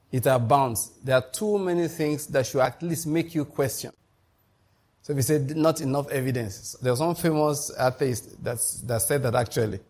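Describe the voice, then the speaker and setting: Guy preaching a sermon, mid-pitched voice, gets loud and high when he pushes a point, keeps asking the church if they get it. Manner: emphatic preaching, rising in pitch and volume to drive points home; asks the congregation to repeat and confirm. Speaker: pastor.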